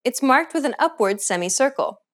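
Lively-voiced woman teaching a lesson. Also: high-pitched. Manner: clear, measured instructional delivery. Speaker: language teacher. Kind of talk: scripted lesson narration.

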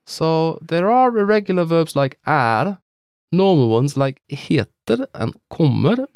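Upbeat man teaching with lively pitch. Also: takes it slowly, smooth, no room sound, clean studio sound. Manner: upbeat, encouraging listeners. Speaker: co-host of a language lesson. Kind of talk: scripted lesson dialogue.

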